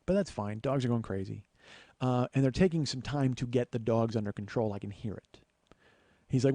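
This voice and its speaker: A man's voice: mid-range voice, fast talker, dark tone, dry recording. A male comedian and podcast host telling a profane, sardonic story as a ranting monologue.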